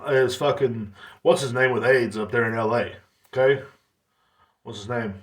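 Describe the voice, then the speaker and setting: A man's voice: mid-range voice, moderate pace, pauses often, echoey room. A man hosting a podcast, ranting casually at length, profane and rambling with lots of fillers. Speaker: podcast host streaming to chat.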